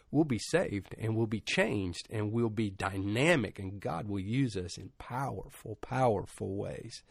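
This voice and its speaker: A man's voice: fairly low pitch, vocal fry, breathy edge, dry recording, clean studio sound. A middle-aged man giving a conversational sermon and telling stories, rambling informally with many asides, his voice rising at emotional peaks. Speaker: preacher.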